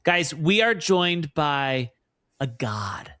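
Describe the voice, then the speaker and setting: A man's voice: fairly high pitch, sing-song, drawn-out words, bright, forceful tone, no echo, clean studio sound. A man hosting a podcast, talking in a gushing, chatty, casual way. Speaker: podcast host.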